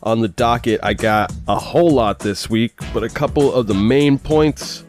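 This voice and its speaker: A man's voice: mid-range voice, normal speed, faint music behind. A man hosting his own podcast alone, talking casually in a loose, profane, self-deprecating ramble. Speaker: podcast host.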